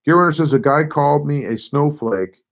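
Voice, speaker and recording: A man with a hoarse, failing voice hosting a casual live stream, reading out viewer comments and answering them offhandedly. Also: a little high, lively intonation, moderate pace. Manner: reads viewer comments aloud and replies offhandedly. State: hoarse, voice nearly gone.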